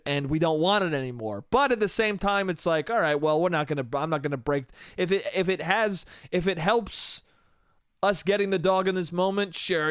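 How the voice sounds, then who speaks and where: A young man hosting a comedy podcast, telling a story in animated, profane, slangy style with lots of quoted voices. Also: a little high, smooth, no echo, clean studio sound.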